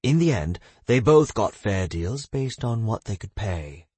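A man's voice: lowish voice, big pitch swings, unhurried, a little mellow, husky, dry recording, full character voice. A man voicing a blunt guild fighter who talks sternly and lectures.

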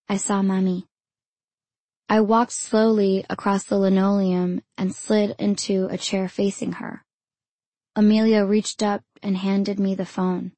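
A woman narrating her own memoir in the first person, in a measured, intimate storytelling manner. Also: medium pitch, dark tone, no room sound.

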